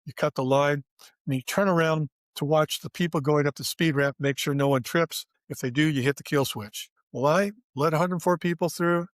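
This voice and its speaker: A man's voice: fairly high pitch, moderate pace, dry recording, studio quality. An older man, a former theme park designer, telling his career story in an interview and acting out the dialogue as he goes. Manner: vivid storyteller, acts out quoted dialogue.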